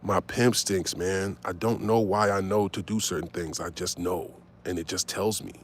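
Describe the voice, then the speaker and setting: A man's voice: deep voice, moderate pace, slight background noise. A man in his forties telling a personal story in casual, profane talk, tagging his lines with "right?" and acting out both sides. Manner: animated, swearing, tags lines with "right?".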